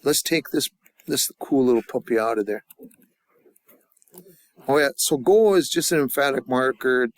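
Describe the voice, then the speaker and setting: Relaxed man teaching a class, dry sound. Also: medium pitch, dry recording. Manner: drills phrases slowly, then chats loosely. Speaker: language teacher.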